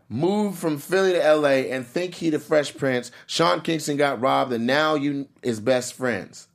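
A man co-hosting a casual entertainment news chat, relaxed, reading out headlines and adding side comments. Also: fairly high pitch, measured pace, gravelly.

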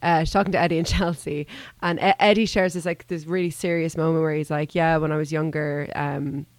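Low-pitched woman podcaster, animated, acts out quotes, dry close recording. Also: a little fast, dry recording. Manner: animated storytelling, acting out quotes. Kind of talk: casual chat.

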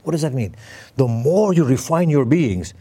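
A middle-aged man preaching a conversational sermon, putting questions to his listeners and slowing down to stress key words. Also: medium pitch, sing-song, mellow, breathy edge. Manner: questions the audience, emphatic with sudden slow stresses. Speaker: Islamic preacher.

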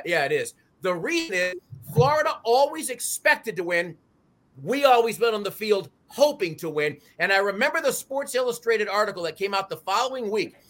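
A man's voice: sits high, a bit bright. A middle-aged man, passionately rallying fans on a sports talk show. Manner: fired-up, preachy, raises voice to rally fans.

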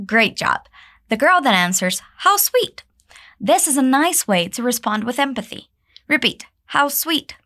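A woman teaches English pronunciation, slowly modeling each phrase for the listener to repeat. Her voice swings widely in pitch and jumps up brightly whenever she praises the learner. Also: sing-song. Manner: encouraging, drills repetition, pitch leaps on praise. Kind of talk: pronunciation lesson.

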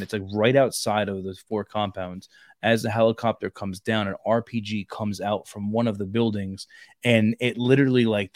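A man on a podcast, telling a long story in casual chat, rambling and full of fillers, growing loud when he acts out shouting. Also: fairly low pitch, no echo. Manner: rambling, repeats fillers like "like" and "bro". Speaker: podcast co-host.

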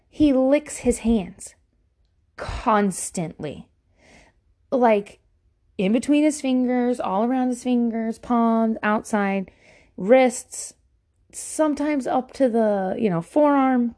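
A woman's voice: mid-range voice, darkish tone. Profane ranting woman podcaster. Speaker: podcast host. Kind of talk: casual monologue.

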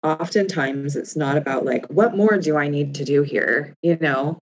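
Low-pitched woman in her 30s, casual podcast chat, reflective and open, says like a lot. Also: moderate pace, slightly rough, rough recording. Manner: candid and reflective, with frequent "like" fillers. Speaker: podcast co-host.

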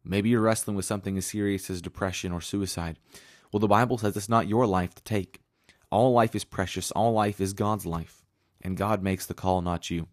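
A man's voice: low-pitched, fairly even intonation, moderate pace, dry recording, clean studio sound. A man preaching a sermon in an earnest, conversational way, reading scripture aloud as he goes.

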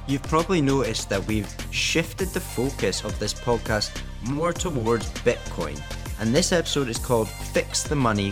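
A man hosting a podcast, giving the intro and chatting frankly with his co-host. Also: medium pitch. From Scotland. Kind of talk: podcast intro and casual chat.

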